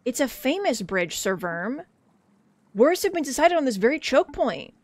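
A woman's voice: high-pitched, sing-song, moderate pace, no room sound, pitched above the performer's own voice. A woman voicing a polite, eager young mouse adventurer who speaks earnestly.

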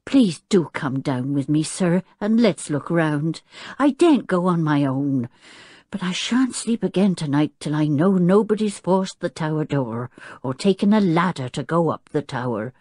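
A woman's voice: low voice, animated, measured pace, a little mellow, no room sound, studio quality. A woman voicing a panicky plump housekeeper. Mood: anxious insisting. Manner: panicky, breathless, chattering. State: out of breath. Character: frightened plump female housekeeper. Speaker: servant of the professor.

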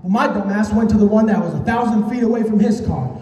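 A young man telling self-mocking stand-up stories in an animated way. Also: high-pitched, fast talker. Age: young adult. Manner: animated, self-mocking, acts out quoted voices. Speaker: stand-up comedian. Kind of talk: stand-up storytelling. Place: stage in a hall. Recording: echoey hall, voice from far off.

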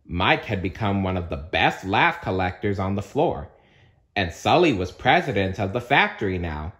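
A man reading a children's storybook aloud with slow, expressive storytelling. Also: deep voice. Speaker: narrator.

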